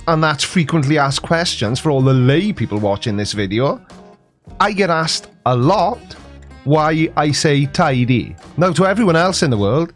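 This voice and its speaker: Welsh host in his 40s, fairly high-pitched, deadpan joking, faint music behind. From Wales. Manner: dry, mock-serious, playful. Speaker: comedy video host. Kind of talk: scripted comic explainer to camera.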